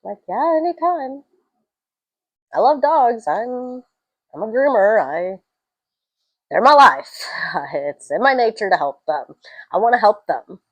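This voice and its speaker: A young adult woman giving a casual, rambling film review, telling stories with animated swings and tangents. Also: medium pitch, unhurried, long pauses, dry recording, poor audio.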